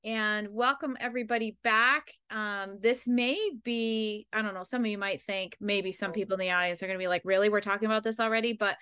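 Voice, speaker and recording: Bright, crisp chatty woman podcast host. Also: mid-range voice, fairly even intonation, normal speed, few pauses. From Pennsylvania. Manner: chatty and rambling, with frequent fillers. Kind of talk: casual chat.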